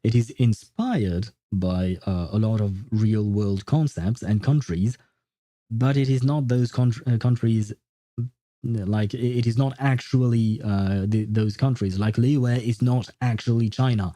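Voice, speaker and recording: A man's voice: on the low side, measured pace, mellow, dry recording. A man from France, chatting casually on a game livestream, answering viewers with frequent chuckles and lots of hesitant fillers.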